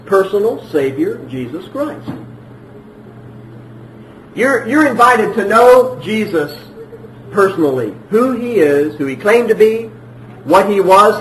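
A man preaches a sermon in a high, lively voice that leaps up and down, repeating himself for emphasis. He moves from loud declarations to hushed asides, and the room rings with echo over a faint background hum.

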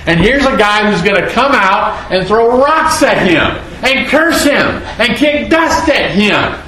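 A man's voice: sits high, animated, slow, bright, forceful tone, reverberant, slight background noise, poor audio. A man preaching a sermon, reading scripture dramatically and asking the audience rhetorical questions. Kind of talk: expository sermon.

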